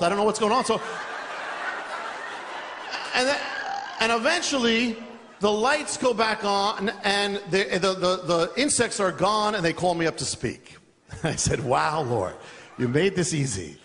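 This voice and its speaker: A man preaches with a fairly high, bright voice, spinning a lively anecdote and chuckling between lines. His voice carries a long reverb from a large hall. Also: normal speed, slight background noise. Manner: animated, laughing through a funny story. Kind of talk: sermon storytelling.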